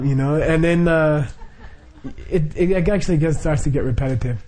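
A man's voice: fairly high pitch, normal speed, mellow, slight background noise. A middle-aged man leading a Buddhist group, explaining the practice informally with frequent chuckles, fillers and restarts.

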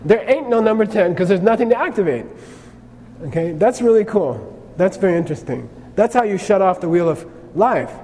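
High-voiced man teaching in a hall. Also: lively intonation, brisk, mellow. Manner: conversational, keeps checking in with "okay?". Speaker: Buddhist teacher. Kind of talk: lecture on karma. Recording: long reverb, faint noise.

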